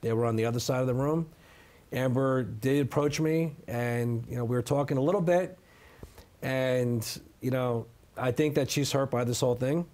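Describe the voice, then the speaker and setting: At a moderate pace and in a mid-range voice with a darkish tone, a middle-aged man gives his side of a story as a sit-down interview guest. His manner is emphatic, and he repeats "okay?" to drive points home.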